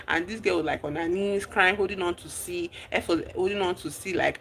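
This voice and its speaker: A woman's voice: lowish voice, brisk, creaky, few pauses, a little hiss or hum. Chatty woman. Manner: chatty, animated, slang-sprinkled storytelling. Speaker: streamer. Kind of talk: casual livestream movie recap.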